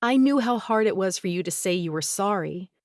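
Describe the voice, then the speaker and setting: A woman narrator voicing a tearful young woman, the estranged older sister, speaking softly and slowly. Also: mid-range voice, animated, no room sound, studio quality, close to an everyday voice. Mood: pleading, tearful. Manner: soft, pleading, slow.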